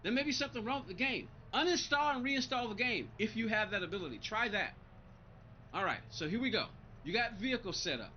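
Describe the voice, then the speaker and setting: A man's voice: high voice, animated, brisk, sharp tone, lo-fi sound, a little hiss or hum. A man live-streaming a racing game, chatting loosely with his viewers, irritated and rambling, often repeating himself. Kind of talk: casual live-stream chat reading viewer comments.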